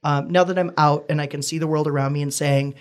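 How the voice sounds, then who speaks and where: A man's voice: fairly high pitch, steady tone, smooth. Earnest young man telling his story. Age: 20s. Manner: earnest, reflective, measured. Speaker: guest. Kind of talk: candid personal conversation.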